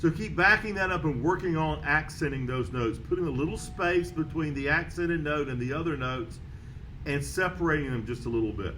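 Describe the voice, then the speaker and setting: A man teaching a beginner trumpet lesson, calling out note names and counting beats in a steady, patient way. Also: a little high, fairly quick, noisy background. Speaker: music teacher. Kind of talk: band method lesson.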